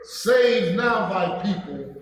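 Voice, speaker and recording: A man reading scripture aloud in a measured, deliberate way during a Bible study. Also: high-pitched, animated. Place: church hall. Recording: distant mic in an echoey hall with faint noise.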